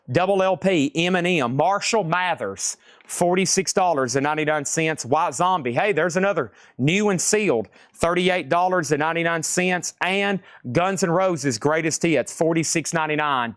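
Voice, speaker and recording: Excitable man auctioning records live. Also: sits high, moderate pace, dry recording, clean studio sound. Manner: excitable, jokey, exclamatory. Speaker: live-stream record seller.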